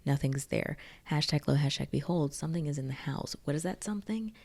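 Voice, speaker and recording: Low raspy-fry lady doing a chatty jokey movie recap, mellow dark voice. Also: fairly quick. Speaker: video essay host. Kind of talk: casual film recap.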